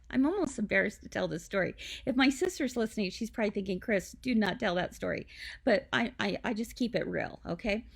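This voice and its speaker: A woman's voice: mid-range voice, creaky, breathy edge. A woman hosting a live craft tutorial for a quilt shop from home, chatty and confiding with lots of asides.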